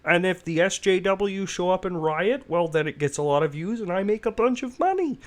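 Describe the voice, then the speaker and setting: A man putting on a smug, scheming middle-aged pundit, pitched far above a plain man's voice. He sounds sly and self-satisfied, and comes across a bit distant from the mic. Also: expressive, fairly quick.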